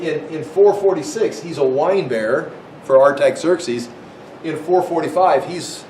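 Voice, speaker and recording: A man's voice: darkish tone, recorded from a distance. Man teaching Bible history in an echoey room. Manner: conversational, acts out quoted voices, frequent restarts. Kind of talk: informal Bible lecture. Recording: echoey room with faint rumble.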